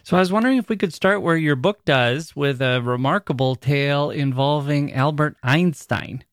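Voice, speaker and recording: Measured male podcast host, dry sound. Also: a little high, smooth, no echo. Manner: measured, formal introductions. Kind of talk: interview.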